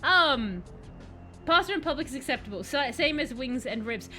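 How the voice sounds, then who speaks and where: A woman's voice: high-pitched, lively intonation, normal speed, sharp tone, soft background music. A woman streaming a game, chatting animatedly with her viewers, self-mocking and reading out their messages. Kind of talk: let's-play commentary chatting with chat.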